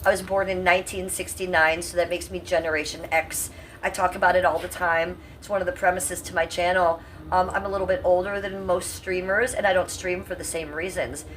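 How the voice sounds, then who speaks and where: A woman's voice: lowish voice, fairly even intonation, brisk, far from the mic, low-quality recording. A woman in her fifties from Cleveland, casually chatting with her livestream viewers in a salty, talkative way, with an occasional cough. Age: 50s. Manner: chatty, salty, talks to chat. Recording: voice a bit off-mic, faint room hum.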